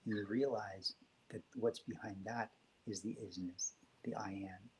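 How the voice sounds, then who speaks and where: A man speaking as a guest on a spiritual talk show, telling stories in a gentle, reflective way. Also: lowish voice, steady tone, measured pace, slight background noise, low-quality recording.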